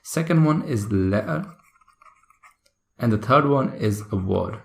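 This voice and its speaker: A man's voice: mid-range voice, expressive, takes it slowly, creaky. A man teaching an exam-prep lesson in a chatty way, often checking in with "right?" and "okay?". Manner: chatty, frequent tag questions like "right?" and "okay?". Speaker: IELTS instructor. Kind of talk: recorded online lesson. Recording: echoey room.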